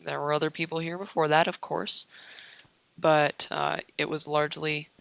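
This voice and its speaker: A woman's voice: low voice, flat delivery, normal speed, creaky, fairly bright tone, dry recording. A young American woman casually rambling while she plays a game, meandering with many fillers and restarts, her voice getting worn. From United States. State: losing her voice. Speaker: YouTuber.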